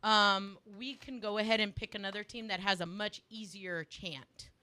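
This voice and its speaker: A woman's voice: mid-range voice, moderate pace, no echo. A woman co-hosting a sports radio show, joking and laughing through playful banter. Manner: joking, animated, laughs often. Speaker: co-host.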